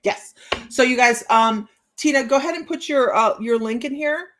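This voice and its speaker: A woman with a high-sitting voice speaks at normal speed against a noisy background. Hosting a casual live psychic-reading stream, she reads out cheeky card lines in a chatty, playful, giggly manner, laughing often between remarks.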